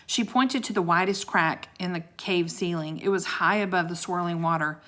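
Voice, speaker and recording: Woman reading a children's chapter book, expressive, slightly low voice, chatty asides. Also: moderate pace. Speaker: storybook reader.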